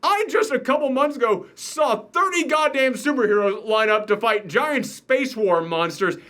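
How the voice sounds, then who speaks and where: A man's voice: very high voice, expressive, normal speed, fairly bright tone. A man hosting a casual movie review chat, joking and emphatic as he rants. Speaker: show host.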